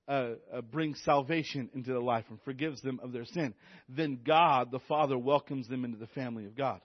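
A youth pastor preaching with bursts of excitement, repeating himself and stumbling over restarts. His voice sits a little high for a man. The sound is muffled and close, with no room echo. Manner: enthusiastic, repetitive, stammers on restarts. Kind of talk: sermon.

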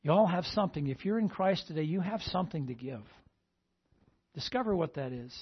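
Man, pastor, sermon, husky voice, a little high, dull lo-fi sound. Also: expressive, brisk. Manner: call-and-response, repeating "amen?" to the congregation.

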